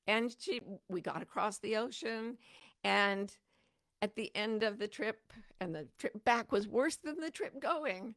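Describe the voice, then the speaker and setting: A woman's voice: fairly low pitch, creaky, fairly bright tone, dry recording, clean studio sound. A middle-aged woman hosting a podcast, talking through her thoughts in a reflective monologue and acting out her own inner voice with animation. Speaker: podcast host.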